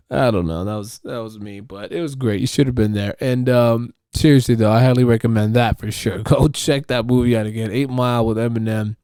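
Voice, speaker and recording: A man's voice: on the high side, moderate pace, darkish tone, smooth, dry recording, studio quality. A man hosting his own podcast, talking alone in a loose, rambling, profane monologue. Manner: rambling, profane, restarts and fillers. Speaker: podcast host. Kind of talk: casual solo podcast monologue.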